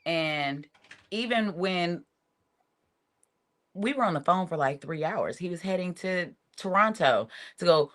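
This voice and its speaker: A woman telling a lively story, acting out what other people said. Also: on the low side, unhurried, pauses often. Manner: animated, acts out quotes of others. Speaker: reality show cast member, guest. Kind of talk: casual storytelling in an interview.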